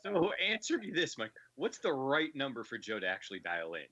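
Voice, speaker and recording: A man's voice: medium pitch, huge pitch swings, brisk, pushed and bright, no room sound, lo-fi sound. A man co-hosting a casual podcast chat, teasing the others and hyping things up in a playful, mock-grand way.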